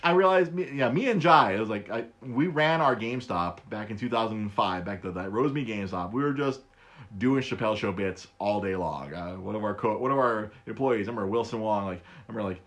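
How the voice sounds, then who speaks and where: A man in his thirties hosting a casual solo podcast, laughing often, stammering and repeating words, and jumping his voice high for quoted bits. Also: a little fast, fairly bright tone. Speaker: podcast host.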